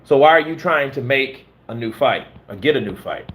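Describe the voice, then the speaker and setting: A man's voice: mid-range voice, animated, moderate pace, fairly bright tone. A man from the American South, a stunt performer, chatting casually and telling profane, rambling stories. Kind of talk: casual chat.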